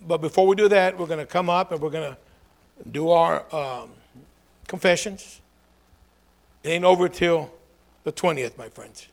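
A man preaching a lively call-and-response sermon, swinging from low asides to shouted calls for a response. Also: normal speed, gravelly, long pauses.

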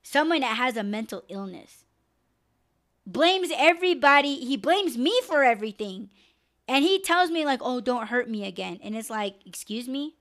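A woman's voice: a little high, moderate pace. A young woman hosting a live podcast, venting bluntly and with lots of swearing. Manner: blunt, profane, animated venting. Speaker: podcast host. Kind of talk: casual live podcast rant.

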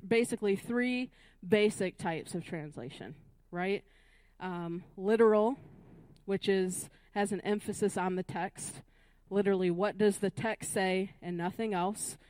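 A woman's voice: medium pitch, darkish tone, smooth, no echo. A woman leading a Bible study class, recapping earlier weeks and asking the group questions, often checking in with "right?" and "Amen?".

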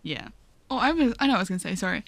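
A woman's voice: mid-range voice, sing-song, very fast, gravelly, no room sound. A woman co-hosting a podcast, chatting casually about a film and laughing often as she talks. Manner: giggly, laughs often while talking.

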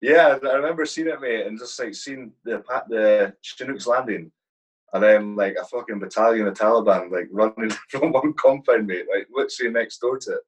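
A man's voice: fairly low pitch, a little fast, breathy edge, low-quality recording. A man from Britain, an army veteran, telling war stories in a casual, heavily sworn way. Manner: swears a lot, vivid war storytelling. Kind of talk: casual chat.

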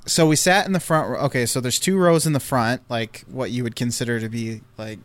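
A man's voice: mid-range voice, steady tone, a little fast, dry recording. A man telling a long story in casual chat, rambling with fillers and restarts.

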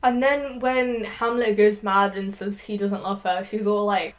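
A young woman hosts her own podcast in a relaxed, chatty way. She talks loosely, full of little fillers, and stops now and then to recite a line she likes. Her voice sits at an ordinary middle pitch. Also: unhurried, hardly any pauses. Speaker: podcast host. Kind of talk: casual podcast chat.

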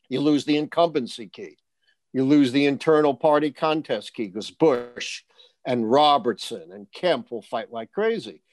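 A man's voice: medium pitch, no room sound. Older man telling stories with punch. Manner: lively storyteller, punchy asides. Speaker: guest, election forecaster. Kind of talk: storytelling interview answers.

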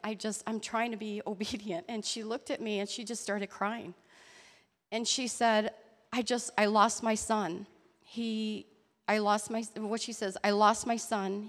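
A woman telling a personal faith story in an earnest, halting way. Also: mid-range voice, long reverb tail. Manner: earnest, halting storytelling with restarts and soft laughs. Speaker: church member sharing a testimony. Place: church hall.

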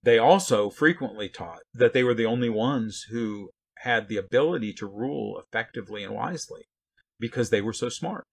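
A man's voice: mid-range voice, normal speed, creaky. A man giving a conversational Bible teaching, blunt and folksy, full of rhetorical questions and asides.

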